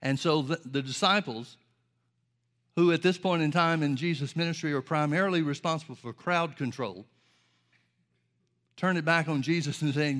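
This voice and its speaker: A man preaching a sermon, explaining scripture in a measured way and reading old-style Bible verses aloud. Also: a little high, a bit bright.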